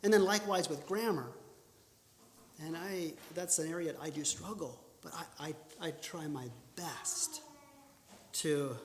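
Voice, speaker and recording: In an echoey church hall with a noisy background, a man teaches public speaking in an earnest instructional talk. His voice is on the high side, very animated, and unhurried; he often restarts and corrects himself, then pushes out bursts of emphasis.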